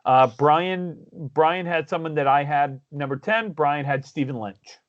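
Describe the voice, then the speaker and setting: A man's voice: on the high side, a little slow, highs cut off. A man from Maine, co-hosting a podcast in casual chat, rambling and enthusiastic with many restarts. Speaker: podcast co-host.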